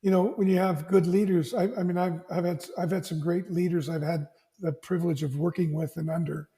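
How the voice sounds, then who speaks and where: A man, an executive coach, talking as a podcast guest and telling stories with lively acted-out dialogue. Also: sits high, brisk, soft background music. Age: older. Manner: animated storyteller who acts out family dialogue, frequent restarts. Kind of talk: conversational interview storytelling.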